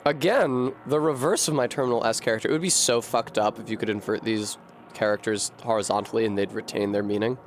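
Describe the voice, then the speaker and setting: A man's voice: fairly low pitch, fast, a little hiss or hum. A man streaming a video game, thinking aloud with profane, sardonic commentary. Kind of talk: live gameplay commentary.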